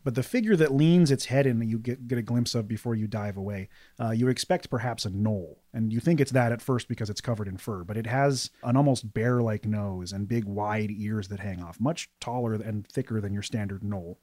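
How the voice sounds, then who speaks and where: A man narrating a tabletop game as game master, describing scenes in a steady, detailed way. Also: on the low side, a little fast, no room sound, clean studio sound.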